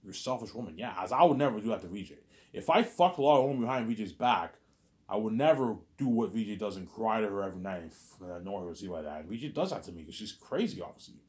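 Low-voiced man ranting in a monologue. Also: animated, fast talker, darkish tone. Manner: repetitive, profane, agitated ranting. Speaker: vlogger. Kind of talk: rambling personal monologue.

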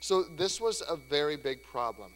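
A man preaching a sermon in a church, conversational and lively, sometimes acting out voices. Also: on the high side, moderate pace. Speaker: pastor. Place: church sanctuary. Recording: church hall reverb, faint hum.

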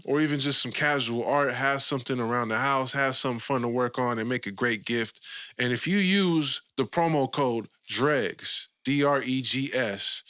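A man hosting a podcast, relaxed and easygoing, reading a sponsor spot and asking questions. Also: mid-range voice, clear, resonant tone, dry recording, clean studio sound. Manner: relaxed, easygoing, quick agreeing fillers. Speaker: podcast host. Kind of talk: casual interview with ad read.

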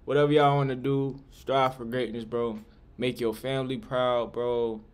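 A man's voice: mid-range voice, flat delivery, normal speed, clean tone. A young man giving casual, hyped reaction commentary in slangy street talk. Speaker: reaction streamer.

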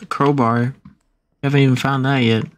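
A man chatting casually with a friend while playing a co-op horror game, excitable and mildly swearing. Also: mid-range voice, takes it slowly. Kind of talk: casual gaming chat.

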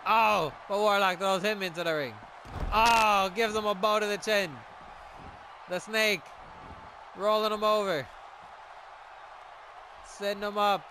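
High-pitched, gravelly excited male commentator. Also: slow pace, pauses often, slight background noise, low-quality recording. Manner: shouts and exclaims at big moves. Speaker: wrestling video game commentator.

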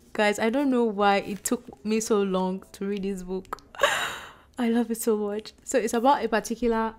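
A young woman chatting casually about books she read, excitable and gushing. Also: mid-range voice, clean tone. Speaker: book vlogger. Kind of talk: casual book review chat.

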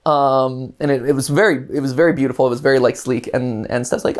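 A man hosts a gaming stream in easy, casual chat. He tells stories with animated asides and quick restarts, his voice sitting at an ordinary middle pitch. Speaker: host.

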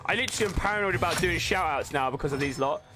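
A young man streaming a game live, bantering with his chat in an excitable, swearing way into a desk microphone. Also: fairly high pitch, rapid-fire, over music. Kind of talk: live gameplay commentary. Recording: noisy stream audio with clicks.

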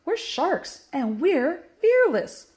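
Lady voicing a small eager shark girl, raised pitch, storybook read slow. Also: very animated, a little mellow, exaggerated voice.

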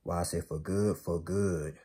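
A man with a low, husky voice delivers a preachy motivational monologue. He is emphatic and repetitive, calling out to his listeners as he drives his point home. His tone is dark and mellow. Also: steady tone, unhurried. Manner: emphatic, repetitive, calls out to the audience. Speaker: spiritual motivational speaker.

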